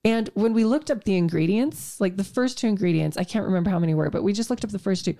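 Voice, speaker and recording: A woman's voice: medium pitch, fast talker, dark tone. Chatty sarcastic woman podcaster. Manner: chatty, sarcastic asides, frequent restarts. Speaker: podcast co-host, health practitioner. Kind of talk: casual podcast chat. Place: home podcast room.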